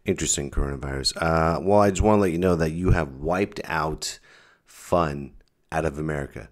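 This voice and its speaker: A man's voice: extremely low pitch, normal speed. A man who is a stand-up comedian, hosting his comedy podcast in a jokey, self-mocking monologue.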